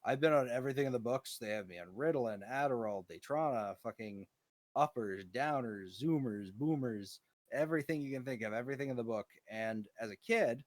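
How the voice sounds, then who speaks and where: A man's voice: medium pitch, brisk. Profane, rambling young man. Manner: profane, rambling, animated storytelling. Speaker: co-host. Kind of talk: casual chat.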